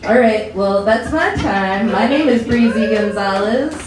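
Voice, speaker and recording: A woman's voice: mid-range voice, animated, unhurried, noisy background. Woman, stand-up comedian, chatty, laughing, echoey room, distant mic. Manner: chatty and loose, laughing through lines. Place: comedy lounge stage.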